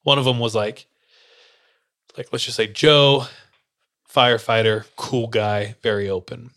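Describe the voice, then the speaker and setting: A man's voice: mid-range voice, steady tone, measured pace, fairly bright tone, no room sound, clean studio sound. A young man, a podcast co-host, telling a story in casual chat and acting out the lines of the people in it. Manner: loose, laughing, acts out quotes.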